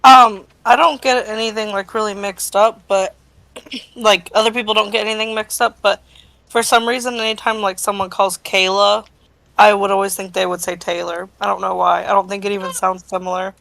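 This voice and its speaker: Woman, casual chat, gravelly and bright, flat delivery. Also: medium pitch, normal speed, no room sound. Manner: hesitant, many fillers.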